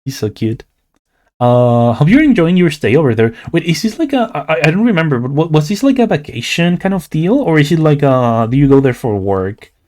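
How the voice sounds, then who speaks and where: A man's voice: a little high, sing-song, brisk, darkish tone. A young man from Latin America with a Latin American Spanish accent, chatting casually and playfully on a livestream while he draws, rambling with lots of "like". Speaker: streamer and artist.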